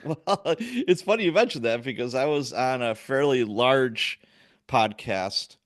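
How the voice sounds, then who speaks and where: A man's voice: medium pitch, animated, unhurried, dry recording, studio quality. Joking Chicago-Wisconsin podcast host man. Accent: Chicago and Wisconsin, with some Irish influence. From US Midwest. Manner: laughs easily, joking. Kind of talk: casual chat.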